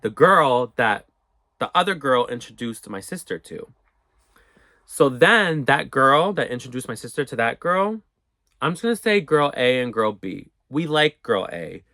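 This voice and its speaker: An animated young man tells a storytime in casual, profane bursts, slipping into the voices of the people in his story. His pitch sits in the middle and he is recorded close on a dry mic. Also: a little slow, no echo. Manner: animated, profane, acts out quotes. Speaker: storyteller vlogger.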